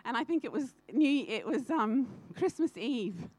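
Woman, middle-aged, high voice, dry close sound, fervent church testimony to the congregation. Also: lively intonation, unhurried, darkish tone, dry recording. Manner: fervent, earnest, laughs often, addresses the congregation directly. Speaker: church speaker sharing a testimony. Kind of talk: personal testimony in a church service.

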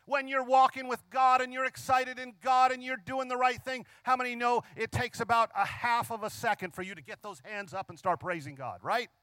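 A man preaching a sermon in a fairly high voice, leaning hard on key phrases and stretching them out. He keeps asking his listeners questions. The sound is dry and close, with no room echo. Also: fairly even intonation, fairly quick, few pauses, sharp tone. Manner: asks the congregation frequent rhetorical questions.

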